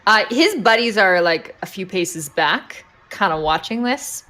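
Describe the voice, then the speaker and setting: A woman's voice: mid-range voice, animated, measured pace, bright, forceful tone. A woman narrating a tabletop game as game master, with lots of hesitant ums and uhs.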